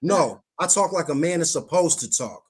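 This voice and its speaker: A man's voice: on the high side, animated, moderate pace, husky. A man guesting on a live stream, arguing bluntly and insistently, repeating his points. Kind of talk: heated live-stream debate.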